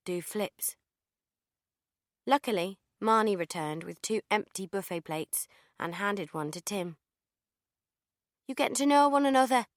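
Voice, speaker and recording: A woman narrating a first-person audiobook in a wry, deadpan way. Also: on the low side, dry recording, clean studio sound.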